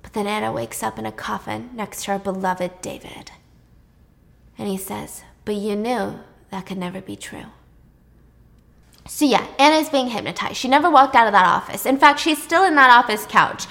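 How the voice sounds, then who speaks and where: A woman's voice: a little high, lively intonation, moderate pace, gravelly, fairly bright tone. A woman retelling a plot in a casual, chatty way, full of asides. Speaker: plot recapper. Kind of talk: casual storytelling recap.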